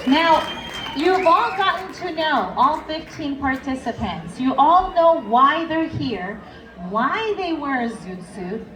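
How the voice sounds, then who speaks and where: A woman's voice: sits high, expressive, takes it slowly, bright, forceful tone, a little hiss or hum. A woman emceeing a live contest in a bar, with upbeat, playful banter. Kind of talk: live event hosting. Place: crowded bar venue. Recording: echoey crowded room from far off.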